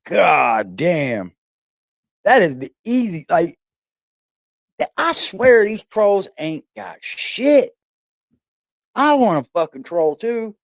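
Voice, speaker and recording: A man's voice: high voice, big pitch swings, slow pace, long pauses, dry recording, studio quality. A middle-aged man hosting a casual, profane livestream, brash and mocking, laughing often. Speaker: livestream host reacting to videos.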